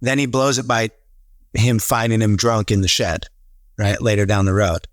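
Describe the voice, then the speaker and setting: A man in a casual podcast conversation, telling stories with animated quoted voices. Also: fairly low pitch, normal speed, no room sound, studio quality. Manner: animated storyteller, acts out quotes. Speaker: real estate team leader, podcast guest.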